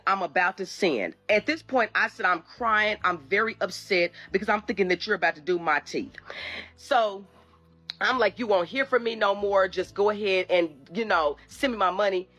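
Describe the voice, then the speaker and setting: A woman's voice: medium pitch, fairly bright tone. A woman telling her own story in a video clip, indignant, acting out what she and the other person said. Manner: indignant storytelling, acting out both sides of a conversation.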